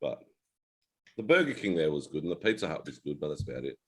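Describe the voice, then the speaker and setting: A middle-aged Australian man with a very low voice hosts an unscripted chat among friends. He spins loose, blunt yarns and swears without a second thought. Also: quick pace, slightly rough. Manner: relaxed storyteller, blunt, swears freely. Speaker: podcast host, ex-Navy. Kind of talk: casual chat.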